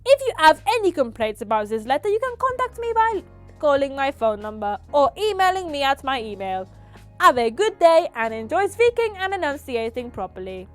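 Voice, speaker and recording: A hammy speech coach delivers a mock lesson loudly and emphatically, as a woman puts on an accent. Her voice sits high and swoops widely, with faint music behind. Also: very animated, moderate pace. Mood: mock-earnest. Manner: loud, emphatic mock-instructional reading.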